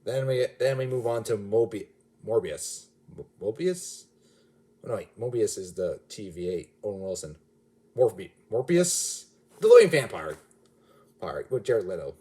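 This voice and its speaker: A man's voice: on the low side, expressive, normal speed, mellow. A man giving a casual, rambling movie review, often restarting and correcting himself mid-sentence. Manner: rambling, self-correcting, chatty.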